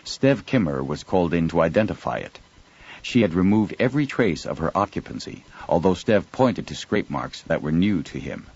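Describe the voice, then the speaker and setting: A man narrating an audiobook in an expressive storytelling reading. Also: low-pitched, slightly rough, muffled recording. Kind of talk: scripted narration.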